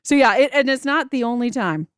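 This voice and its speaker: A woman in her thirties, a podcast co-host, telling a story in a casual faith chat, animated and laughing often. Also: high-pitched, a little fast, clear, resonant tone, no room sound, studio quality.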